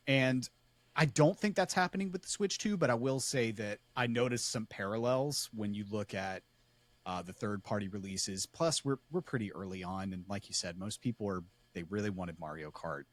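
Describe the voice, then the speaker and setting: A man co-hosting a gaming podcast, chatting casually in a rambling, relaxed way. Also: fairly low pitch, normal speed, no room sound. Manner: rambling, self-correcting, relaxed. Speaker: podcast co-host. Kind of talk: casual chat.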